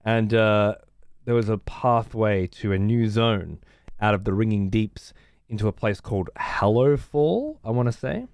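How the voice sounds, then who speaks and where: A man's voice: fairly low pitch, expressive, a little slow, darkish tone, no echo, clean studio sound. A man ranting casually as a streamer, sarcastic, profane and exasperated.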